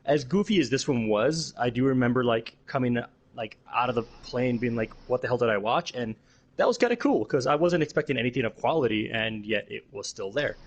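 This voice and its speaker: A man's voice: mid-range voice, animated, a little fast, dull audio. Man, podcast co-host, casual, thinking aloud, repeats words.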